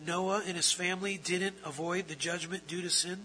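High, sharp-voiced man preaching a sermon. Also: fairly even intonation, normal speed, hardly any pauses, a little hiss or hum, poor audio. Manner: earnest preaching, rising to loud emphatic stretches; asks the audience rhetorical questions. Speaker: pastor. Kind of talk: expository sermon.

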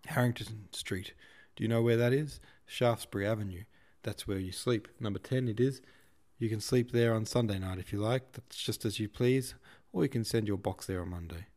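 A man reading a novel aloud, voicing a brusque, boastful middle-aged shop manager, a bit higher and louder than his narration. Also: moderate pace, lightly acted. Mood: pompous.

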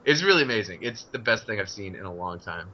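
Male podcast guest, sharp bright tone, enthusiastic rambler, dull recording. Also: lowish voice, animated, quick pace. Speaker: podcast guest, comic artist. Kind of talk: casual chat.

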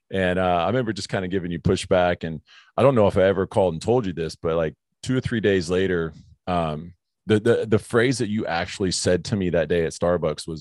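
A man's voice: sits low, fairly quick, darkish tone, no echo, clean studio sound. A man hosting a casual faith conversation, telling a personal story earnestly and calling his guest bro. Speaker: podcast host.

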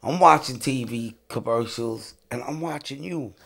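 Male host, slow unhurried talk, brief reactions, mid pitch. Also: vocal fry. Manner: slow, short reactions and sung-along bits. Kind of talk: casual chat.

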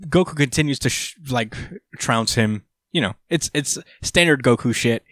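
A man's voice: medium pitch, normal speed, a bit bright, no echo, clean studio sound. A man casually recapping a comic chapter with a friend, swearing and laughing often. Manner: laid-back, swears, laughs often, acts out quotes. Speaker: podcast co-host.

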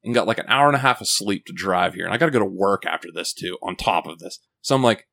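A man's voice: low-pitched, fast talker, vocal fry. A man telling a rambling, profane story on a casual podcast, laughing as he goes and filling his talk with "like" and "right?". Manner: animated, full of fillers like "like" and "right?".

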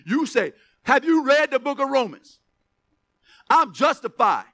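A man preaching a sermon as pastor, reading verses slowly with emphasis, then dropping into quick asides to the church. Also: extremely high pitch. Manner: animated, stretches scripture words for emphasis, drops to asides.

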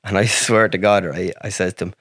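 A man's voice: sits low, fairly even intonation, brisk, fairly bright tone, no echo, clean studio sound. An Irish man from Ireland, a podcast guest telling a story in a rambling way, with heavy swearing and lots of "like". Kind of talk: casual storytelling.

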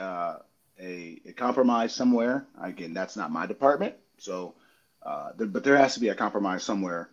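A man talking in a casual chat, telling stories in an animated way and acting out hecklers. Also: lo-fi sound. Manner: animated storytelling, acts out hecklers with big pitch jumps. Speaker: podcast host, former outfielder.

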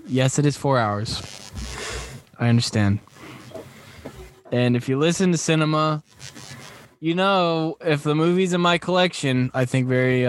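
A man's voice: fairly high pitch, slight background noise. Emphatic man on a podcast. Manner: emphatic, repeats himself, swears for effect. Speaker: podcast co-host. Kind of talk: casual podcast chat.

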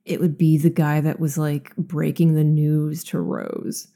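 A woman's voice: sits low, little pitch movement, unhurried, dark tone. A woman in her thirties with a slight lisp, co-hosting a casual podcast and talking bluntly with lots of swearing and filler words. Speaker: podcast co-host. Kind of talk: casual chat.

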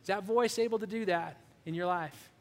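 A man preaching a sermon as a pastor, animated and shifting from loud bursts to hushed, prayerful passages. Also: high-pitched, brisk, in a large hall.

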